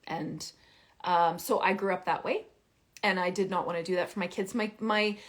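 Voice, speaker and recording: Animated woman coaching parents. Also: normal speed. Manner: emphatic, with big swings in pitch and loudness; repeats key phrases for emphasis. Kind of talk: live-streamed casual advice talk.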